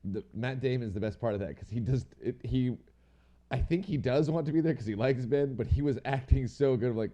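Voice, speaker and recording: A man's voice: mid-range voice, fairly quick, warm tone, dull audio. A man co-hosting a podcast, chatting casually in a rambling, slangy way and swearing now and then. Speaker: podcast co-host. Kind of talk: casual chat.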